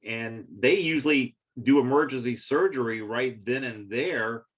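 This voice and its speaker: A man's voice: medium pitch, unhurried. Man co-hosting, asking follow-up questions. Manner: asks probing follow-up questions. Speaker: podcast co-host. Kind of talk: casual podcast interviewing.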